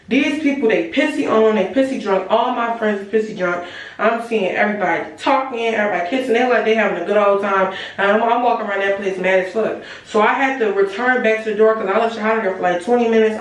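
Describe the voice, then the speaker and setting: A teenage girl telling a story to her viewers in a lively, profane, chatty way, talking straight to the audience as y'all. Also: mid-range voice, fast talker. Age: late teens. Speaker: storytime vlogger. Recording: very echoey room, voice far from the mic.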